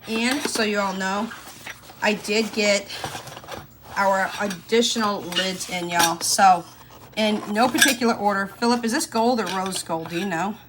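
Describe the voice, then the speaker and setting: A woman's voice: mid-range voice, a little slow, noisy background. A woman, chatting casually and folksily to her viewers while stuffing cash envelopes. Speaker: budgeting vlogger. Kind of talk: casual chat to camera.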